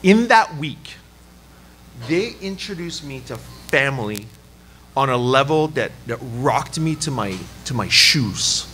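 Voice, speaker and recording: A man from Canada preaching a sermon, telling a personal story in an animated, self-deprecating way with laughs. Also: medium pitch, slow pace, slight background noise. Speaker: pastor. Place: church service.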